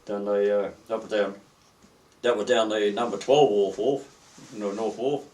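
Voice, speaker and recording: An older Australian man recalls his working life in a halting, rambling way, often restarting his sentences. His voice sits a little away from the mic. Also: lowish voice, steady tone, darkish tone, far from the mic. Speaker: retired merchant seaman. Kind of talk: oral history interview.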